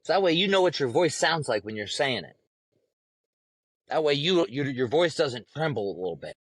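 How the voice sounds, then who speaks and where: A man's voice: a little high, sing-song, normal speed, no room sound. Fired-up swearing man ranting. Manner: heated, swearing, lecturing. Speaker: podcast host. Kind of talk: profane ranting monologue.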